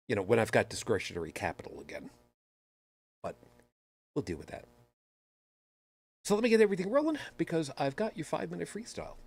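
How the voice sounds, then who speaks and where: A man's voice: mid-range voice, gravelly, a little mellow, slightly rough. Rambling man hosting a podcast. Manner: rambling, self-deprecating storyteller. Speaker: podcast host. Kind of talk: casual chat.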